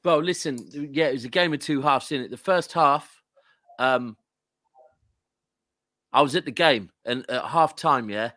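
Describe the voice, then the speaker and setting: A man's voice: medium pitch, unhurried, long pauses, bright, forceful tone, no echo, studio quality. A man with a southern English accent, a guest football fan ranting animatedly and swearing in casual podcast chat. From southern England.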